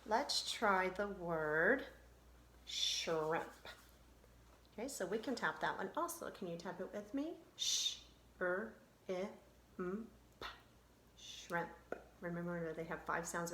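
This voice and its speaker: A woman's voice: lowish voice, animated, moderate pace, a bit bright, echoey room, slight background noise. A woman teaching an online phonics lesson, patiently sounding out letters step by step.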